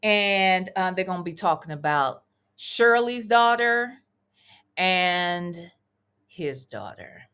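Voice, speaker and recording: Lively, bright-voiced chatty woman vlogger. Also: fairly low pitch, takes it slowly, clean tone. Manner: chatty, wandering, swearing freely, laughing asides. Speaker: commentary vlogger reading live chat. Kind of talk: casual live reaction commentary.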